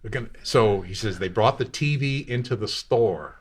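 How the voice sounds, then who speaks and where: A man's voice: lowish voice, moderate pace, husky. A man in his sixties, a radio host, telling long rambling anecdotes in casual talk. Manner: rambling anecdotal, acts out quotes. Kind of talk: casual storytelling.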